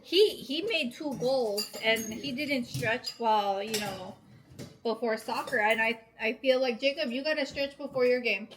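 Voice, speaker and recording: A woman's voice: a little high, normal speed, noisy background. A woman in her thirties chatting casually to a phone camera at home, laughing often and teasing playfully. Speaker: vlogger. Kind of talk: casual family vlog. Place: family home.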